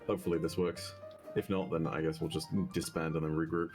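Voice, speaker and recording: Deep-voiced man rambling wryly. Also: flat delivery, fairly quick, music in the background. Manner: rambling, wry, thinks aloud with fillers. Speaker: guest lore commentator. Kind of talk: casual gaming chat.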